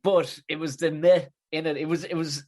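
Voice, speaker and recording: A man with an Irish accent, a comedian chatting casually and telling an animated, swear-filled story. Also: on the high side, normal speed. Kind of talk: casual chat.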